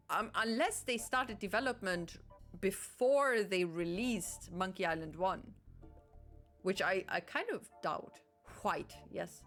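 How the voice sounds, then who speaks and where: German-accented woman, game streamer, slow, chatty self-corrections. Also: mid-range voice, fairly bright tone. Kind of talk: casual game commentary.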